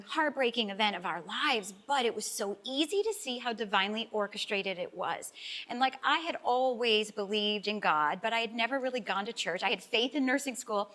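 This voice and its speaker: A woman's voice: a little high, fairly bright tone. A middle-aged woman, a life coach guest, telling an emotional personal story in a talk-show interview, earnest and heartfelt and close to tears at times.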